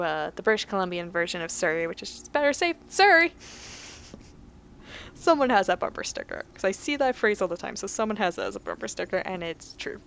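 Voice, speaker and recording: A woman's voice: mid-range voice, vocal fry, a little hiss or hum. Woman reading game lore aloud. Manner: reads in-game history entries aloud with joking asides, often tripping over words. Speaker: let's play host. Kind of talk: casual gameplay commentary.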